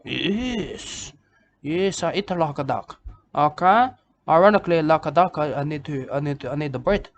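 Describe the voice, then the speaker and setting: A man's voice: fairly high pitch, lively intonation, moderate pace, slight background noise. A man voicing a rambling, self-important male bush poet in a comic monologue, repeating himself and tagging lines with "okay?" and "mate".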